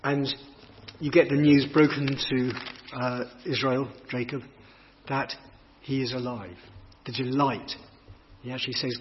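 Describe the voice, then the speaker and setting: A man's voice: mid-range voice, little pitch movement, measured pace, long pauses. Man preaching in a reverberant hall. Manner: reflective, reads scripture then comments on it. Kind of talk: sermon explaining a Bible passage. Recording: long hall reverb, dull lo-fi sound.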